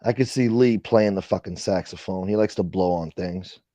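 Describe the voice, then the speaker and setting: A man's voice: low-pitched, moderate pace, warm tone, no room sound. A man hosting a casual livestream chat, ranting with profanity and thanking viewers for donations. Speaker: livestream host.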